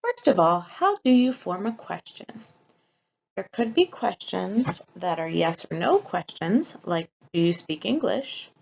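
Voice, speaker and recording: A woman's voice: mid-range voice, sing-song, measured pace, creaky, darkish tone, slight background noise. A woman teaching a recorded Spanish lesson, explaining step by step and modeling example sentences aloud. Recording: dull lo-fi recording.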